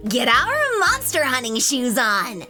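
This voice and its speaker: A perky young female thief sidekick played by a woman, chirpy and playful. The high, bright voice bounces around a lot. Faint game music sits behind. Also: wildly swooping pitch, takes it slowly, heavily acted. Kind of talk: let's play voice acting.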